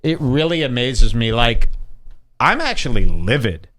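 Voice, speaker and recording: A man's voice: medium pitch, unhurried. A man hosting a podcast, scornfully commenting on clips he plays. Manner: scornful, animated storytelling. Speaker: podcast host. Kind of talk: casual commentary over clips.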